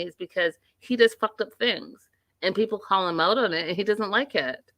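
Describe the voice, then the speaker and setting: A woman hosting a live TV recap stream, giving blunt opinions and reading viewer comments aloud in a casual, animated way. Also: medium pitch, moderate pace, dry recording. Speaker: host of a live TV recap show.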